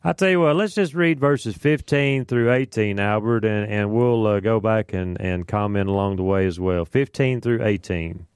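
Smooth-voiced man teaching Bible study. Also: on the low side, moderate pace, few pauses, a little mellow, no room sound, studio quality. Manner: conversational, with fillers and asides.

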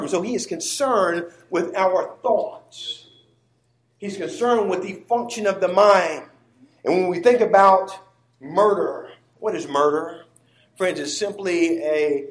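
A man's voice: high-pitched, a little slow, roomy sound, rough recording. A man preaching a sermon to a congregation that answers back, stressing his words with emphatic inflection.

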